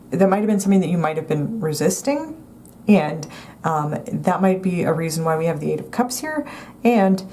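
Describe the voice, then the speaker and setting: Tarot reader lady, kinda low mellow voice, rambly and hedgy, keeps restarting sentences. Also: a little hiss or hum. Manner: meandering, hedging, with many restarts. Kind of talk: pick-a-card tarot reading to camera.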